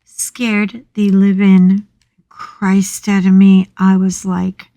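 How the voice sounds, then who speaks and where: A woman's voice: mid-range voice, level tone, takes it slowly, dark tone, no echo. A middle-aged woman hosting a casual chat, telling a story dramatically with yelps and swearing. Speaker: coloring channel host.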